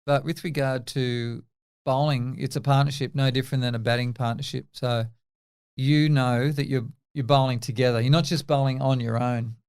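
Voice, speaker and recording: A man in his fifties with an Australian accent, a former test cricketer telling animated stories in an interview and acting out the dialogue. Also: mid-range voice, moderate pace, smooth. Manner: animated anecdotes, acts out quoted dialogue. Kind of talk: casual interview storytelling.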